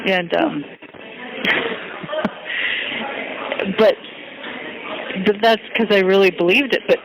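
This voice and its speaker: A woman on a recorded phone call, talking haltingly and searching herself, with many restarts. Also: medium pitch, expressive, gravelly. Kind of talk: confessional phone conversation. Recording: phone call with crowd noise.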